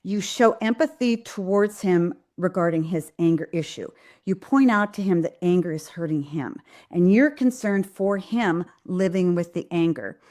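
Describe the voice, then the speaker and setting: A woman's voice: fairly low pitch, normal speed, darkish tone. A woman hosting a live Q&A, answering viewers' parenting questions in an earnest, direct way with frequent ums and restarts. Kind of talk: live Q&A advice talk.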